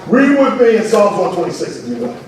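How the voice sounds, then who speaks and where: Preacher guy with a really high voice, heard from a distance in a super echoey church. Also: expressive, a little fast, crowd noise. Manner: storytelling preacher, rising to shouts on key points. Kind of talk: sermon. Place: church sanctuary. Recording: far from the mic in a very echoey church hall.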